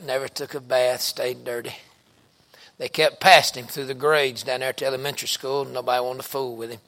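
A middle-aged man, a pastor telling stories in a sermon with folksy, colloquial phrasing and bursts of loud emphasis. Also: medium pitch. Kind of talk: storytelling sermon.

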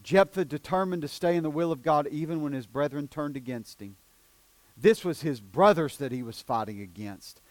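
A man preaching a sermon as pastor in a church, with an East Tennessee accent, swinging from hushed, low lines to loud, emphatic declarations. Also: normal speed, dry recording. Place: church sanctuary.

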